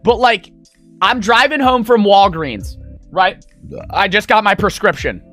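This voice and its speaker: Animated, high-voiced young man rambling. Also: measured pace, soft background music. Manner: rambling, profane, full of fillers. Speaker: streamer. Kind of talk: casual storytelling to stream chat.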